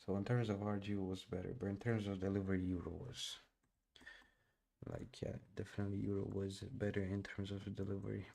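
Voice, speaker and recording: With a fairly low, dark voice, vocal fry and little pitch movement, a young day trader talks fairly quickly while streaming live. He's a non-native English speaker whose casual, slang-heavy commentary often includes "bro."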